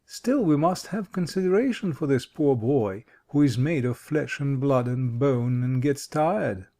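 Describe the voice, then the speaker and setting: Storybook scarecrow king, male, wise and reflective, mellow warm tone, read by a man. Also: mid-range voice, expressive, a little slow. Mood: soothing. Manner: thoughtful, reflective, fatherly. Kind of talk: audiobook character voice.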